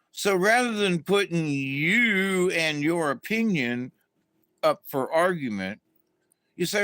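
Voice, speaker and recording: Middle-aged male host, raised in Florida, unhurried and rambling, fairly high voice, dry close sound. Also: animated, bright, forceful tone, no room sound. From Florida, USA. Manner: meandering, with many fillers and restarts. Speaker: channel host. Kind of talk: casual rambling monologue.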